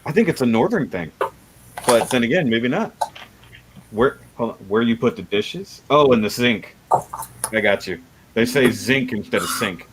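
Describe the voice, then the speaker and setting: A man's voice: medium pitch, animated, normal speed, long pauses, a little hiss or hum, rough recording. A man hosting a casual livestream chat, rambling and laughing often. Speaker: livestream host.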